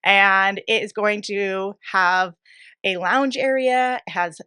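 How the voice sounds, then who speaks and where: A bright, forward woman's voice with a smooth, crisp clarity, talking in an upbeat, chatty way as a guest on a podcast. She fills her sentences with easy fillers. The sound is dry and close. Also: medium pitch, steady tone, slow, no room sound. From Oregon. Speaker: bistro owner, podcast guest. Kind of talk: casual interview chat.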